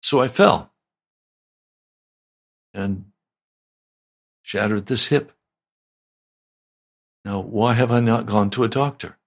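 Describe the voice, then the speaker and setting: An older man, a pastor, giving a slow, deliberate, conversational sermon. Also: lowish voice.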